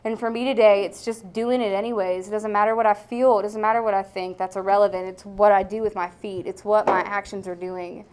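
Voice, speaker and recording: A woman's voice: mid-range voice, steady tone, brisk, few pauses, a little mellow, clear, resonant tone. Young woman, candid testimony, blunt and frank, casual swearing, lots of "um". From American South. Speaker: speaker sharing recovery story.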